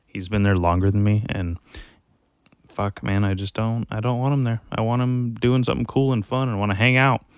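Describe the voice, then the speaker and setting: A man's voice: fairly low pitch, fairly even intonation, normal speed, clean tone, no room sound, studio quality. A young man hosting a podcast, rambling and ranting in a casual monologue, swearing constantly and sounding exasperated. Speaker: podcast host.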